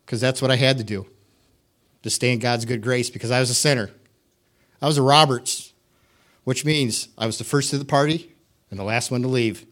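A man's voice: medium pitch, steady tone, normal speed, pauses often, fairly bright tone. A middle-aged man from the United States giving a candid, self-deprecating personal testimony in a church, with wry humor.

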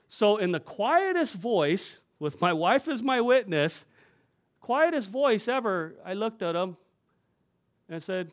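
A man's voice: sits high, animated, measured pace. A male pastor preaching to his congregation in a church, telling a personal story in a conversational way and often checking in with his listeners.

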